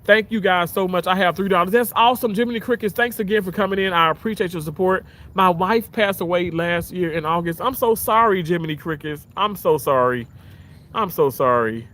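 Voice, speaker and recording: A man casually chatting on a livestream outdoors by the water, reading out comments, rambling with many restarts and sudden jumps up in pitch when excited, on a phone held at arm's length. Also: brisk. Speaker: livestream host.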